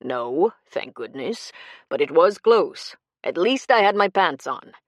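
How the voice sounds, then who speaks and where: A woman's voice: deep voice, big pitch swings, slow, no room sound, studio quality, exaggerated voice. A woman doing a charming con man turned menacing. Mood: oily charm. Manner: fake charm turning cold and cruel. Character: smooth adult male con man, menacing.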